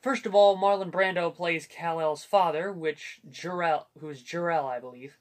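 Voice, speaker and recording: A man's voice: fairly high pitch, normal speed. A young man hosting a casual comic book movie review, joking and rambling with self-deprecating asides. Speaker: host.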